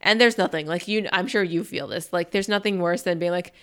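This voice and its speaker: A woman's voice: fairly low pitch, brisk. A woman co-hosting a podcast, recapping a show in casual chat and acting out the characters' lines. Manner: animated, acts out characters' lines. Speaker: podcast co-host.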